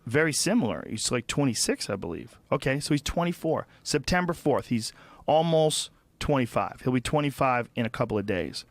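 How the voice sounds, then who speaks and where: A man's voice: mid-range voice, fairly quick, no echo. Podcast guy, mid voice, laid back, just chiming in, dry mic. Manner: relaxed, chiming in with short remarks. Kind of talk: casual chat.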